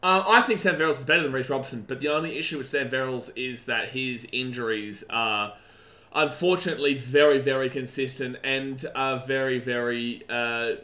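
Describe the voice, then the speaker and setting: A man with a bright, forceful tone talks through his opinions in casual podcast chat. He is animated and laughs easily, often starting a sentence over before finishing it. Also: mid-range voice, roomy sound. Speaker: podcast co-host.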